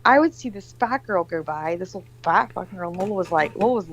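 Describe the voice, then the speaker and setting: A woman's voice: fairly low pitch, expressive, quick pace, a little hiss or hum, low-quality recording. A woman in her forties on a video call, casually telling a long, rambling story full of swearing and acted-out quotes. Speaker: livestream guest.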